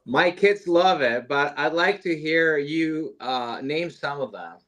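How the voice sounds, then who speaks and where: A man with a slightly raised pitch chatting casually as a podcast guest over a video call. He sounds relaxed and chuckles between his remarks. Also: slow. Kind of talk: casual chat.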